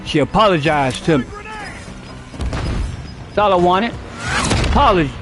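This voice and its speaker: A man's voice: sits high, expressive, measured pace, fairly bright tone, soft background music. A man streaming a game, telling a rambling, profane story and repeating himself as he goes. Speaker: gaming streamer. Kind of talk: casual storytelling while gaming.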